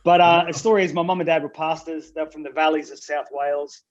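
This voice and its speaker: A middle-aged man with an Australian accent spins chatty, joking stories about his past in a relaxed interview. His voice sits a little high for a man. The video-call audio sounds muffled and lo-fi. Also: fast talker. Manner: chatty, jokey anecdotal storyteller. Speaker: pastor, guest. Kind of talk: casual storytelling interview.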